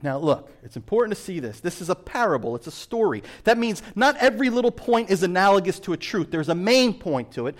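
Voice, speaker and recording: A male pastor preaching with a slightly high, very animated voice. He jumps from loud emphatic bursts to quiet, hushed asides. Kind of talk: sermon.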